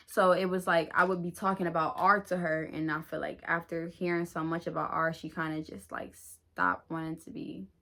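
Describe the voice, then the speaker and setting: A woman's voice: sits low, little pitch movement, normal speed, creaky, few pauses, fairly bright tone. A young adult woman vlogger in a chatty, slangy storytime who laughs at herself. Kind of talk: casual storytime.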